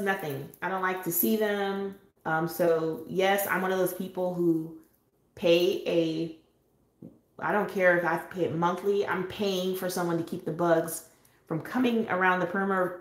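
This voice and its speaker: A woman from San Diego hosting a casual live-stream chat for her coloring channel, talking freely with frequent little laughs and filler pauses. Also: on the low side, roomy sound. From San Diego, California. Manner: chatty, laughs often, pauses with um. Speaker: adult coloring channel host. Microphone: home live-stream setup.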